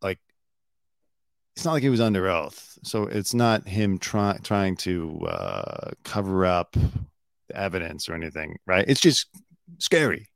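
A man's voice: low-pitched, big pitch swings, unhurried, vocal fry, no echo, clean studio sound. A man hosting a podcast, chatting casually about a crime case and rambling with frequent restarts. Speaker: podcast host. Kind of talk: casual true-crime commentary.

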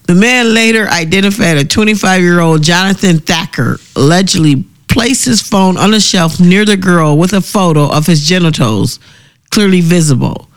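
A man's voice: high voice, a bit bright. A man co-hosting a casual chat, reading out strange news stories between laughs. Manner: laughs often, reads stories aloud with banter. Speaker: podcast co-host.

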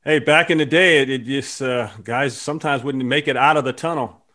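A man's voice: medium pitch, brisk. A man hosting a casual sports chat, telling stories with lots of fillers. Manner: animated storyteller with lots of fillers. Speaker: podcast host.

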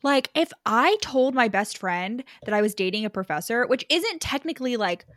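A woman's voice: fairly high pitch, animated, normal speed, fairly bright tone, no room sound, clean studio sound. A woman co-hosting a podcast in casual chat, opinionated and swearing freely, going on tangents packed with "like". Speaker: podcast co-host. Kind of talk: casual book recap chat.

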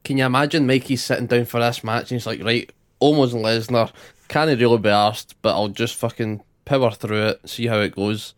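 A man's voice: medium pitch, steady tone, a little fast. Laid-back Scottish man, swearing freely. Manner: laid-back, swears a lot, laughs along. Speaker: podcast co-host. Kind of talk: casual sweary chat.

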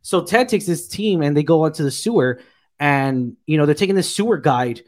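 A man with a slightly raised pitch, talking loosely and eagerly through an episode recap. He rambles, fills gaps with "um" and "you know", and piles on his praise. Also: lively intonation, moderate pace, a little mellow. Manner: rambling, filler-heavy, enthusiastic retelling. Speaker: podcast co-host reviewing a TV episode. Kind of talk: casual review chat.

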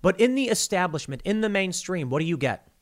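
A male podcast host giving a heated monologue, animated and stammering often as he restarts his sentences. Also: sits high, brisk. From United States.

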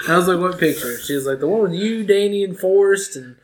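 A man's voice: high-pitched, animated, fast, a little hiss or hum. A young man chatting casually, telling stories in a loose, rambling way and laughing often. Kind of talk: casual chat.

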